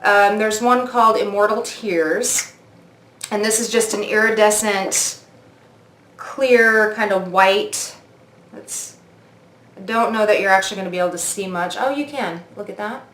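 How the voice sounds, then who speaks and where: A woman's voice: medium pitch, unhurried, a bit bright, roomy sound, slight background noise. A woman in her forties doing a makeup review vlog, gushing and oohing as she tries products at her mirror. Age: 40s. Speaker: beauty vlogger.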